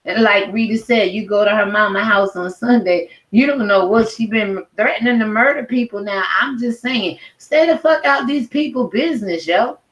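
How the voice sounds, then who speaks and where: A woman's voice: a little high, moderate pace, few pauses. A middle-aged woman ranting at home in a blunt, profane, heated commentary video. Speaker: commentary vlogger. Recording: roomy echo.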